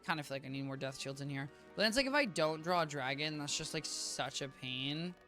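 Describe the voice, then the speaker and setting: A man streaming a game, chatting casually with viewers in a rambling, self-interrupting way, a little tired and low on energy. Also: expressive, fast, sharp tone. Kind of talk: casual live-stream gameplay chat. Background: game music.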